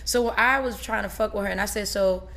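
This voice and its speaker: Animated woman telling a story. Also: medium pitch, fairly quick. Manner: animated storytelling with quoted dialogue. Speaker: guest. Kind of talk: casual chat.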